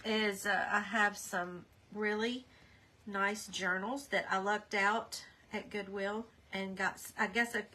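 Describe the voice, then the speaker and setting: A woman's voice: medium pitch, sharp tone. A woman hosting a live craft demonstration at her home craft table, chatting in a rambling way and greeting viewers by name as she works. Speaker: craft livestream host.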